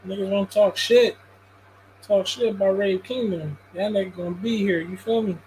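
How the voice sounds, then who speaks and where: A man's voice: sits high, steady tone, normal speed, a little mellow, slight background noise, low-quality recording. A man hosting a casual livestream sports talk show, laid-back, profane and dismissive. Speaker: host.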